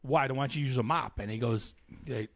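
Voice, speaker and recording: Animated man co-hosting a chat show. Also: medium pitch, brisk, dry recording, studio quality. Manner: animated, acts out lines from the show. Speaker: podcast co-host. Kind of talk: casual chat.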